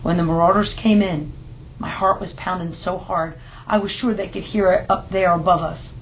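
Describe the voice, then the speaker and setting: A woman reading a children's picture book aloud in steady, measured narration. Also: lowish voice, muffled recording, slight background noise. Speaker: storybook reader.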